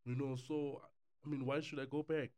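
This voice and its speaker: A young South African man, a podcast guest, telling a relaxed story and mixing English with Zulu. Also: medium pitch, normal speed. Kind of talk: casual podcast chat.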